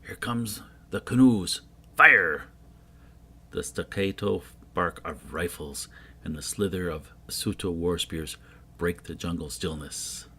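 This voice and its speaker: A man reading a jungle adventure comic aloud, voicing every character himself and getting loud on the shouted lines. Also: deep voice, a little hiss or hum. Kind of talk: dramatic comic book reading.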